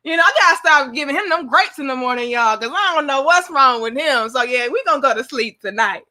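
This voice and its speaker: High bright playful woman host. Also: expressive, brisk. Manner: playful, teasing, laughs often. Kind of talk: casual live-stream chat.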